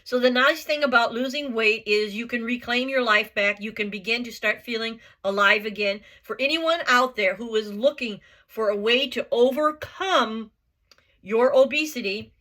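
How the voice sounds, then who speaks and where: Woman vlogger, higher voice, blunt motivational talk, hammers points home. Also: normal speed, sharp tone. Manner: blunt, emphatic, repeats herself; earnest, swears casually. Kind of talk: motivational vlog monologue.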